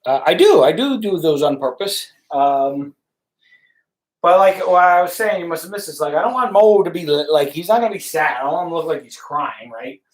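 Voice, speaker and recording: A man painting on a live stream talks in a lively, up-and-down voice and rambles as he thinks aloud. He stands back from the mic, and his voice fills a roomy space. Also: on the high side, a little fast, recorded from a distance. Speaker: painter livestreaming. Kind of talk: casual live-stream chat while painting.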